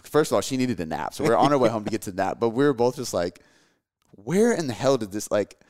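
A man's voice: on the low side, expressive, a little mellow. A man in his thirties, chatting casually on a podcast and swearing freely. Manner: fast, loose, swears a lot, says dude. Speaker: podcast co-host, father. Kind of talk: casual chat.

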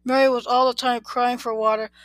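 A woman reading a children's book aloud in a steady, plain way, now and then correcting a word. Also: a little high, fairly quick, dry recording, low-quality recording. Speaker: reader.

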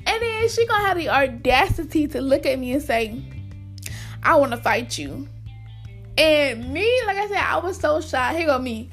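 Young woman, high voice, casual storytime vlog, chatty, slangy, talks to viewers, faint background music. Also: animated, normal speed, hardly any pauses, fairly bright tone. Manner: chatty, addresses viewers as y'all, slangy retelling. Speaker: vlogger.

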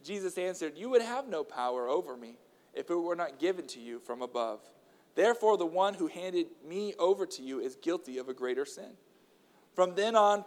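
A man's voice: high voice, in a large hall. A man preaching a sermon, chatting casually with fillers between stretches of emphatic scripture reading aloud.

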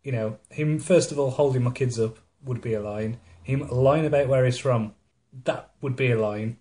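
A man co-hosting a podcast, chatting casually about a film. He retells scenes mockingly, slipping into silly voices. His voice sits at an ordinary middle pitch. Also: normal speed, warm tone. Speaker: podcast co-host. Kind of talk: casual chat. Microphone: studio microphone.

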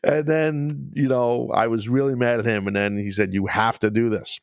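A middle-aged man hosting a podcast, telling wrestling stories in a loose, profane, animated way, laughing often. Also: medium pitch, normal speed, vocal fry, dry recording, studio quality. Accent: New York. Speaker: podcast host, former wrestler. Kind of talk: casual storytelling chat.

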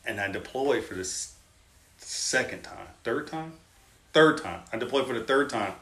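A man's voice: medium pitch, moderate pace. Roomy-sounding man telling army stories. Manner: lively storyteller, quotes others in his tales. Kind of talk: casual storytelling. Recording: roomy echoing room.

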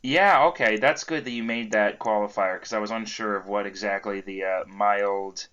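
A young man with a lowish, bright and forceful voice co-hosts a comedy podcast. He trades playful, deadpan jokes in casual chat. His mic sounds dull and lo-fi. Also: normal speed, smooth. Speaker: podcast co-host.

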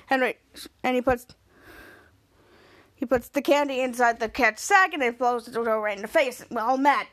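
A woman hosts a casual recap podcast, and her voice sits high and sounds bright and sharp. She retells the scenes with excitement and breaks into laughs along the way. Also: moderate pace, pauses often. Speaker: podcast host.

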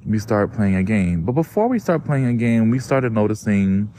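A man hosting a podcast, telling a story in a gossipy, profane, animated way. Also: on the low side, moderate pace, a little hiss or hum. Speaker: podcast host. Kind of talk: casual storytelling.

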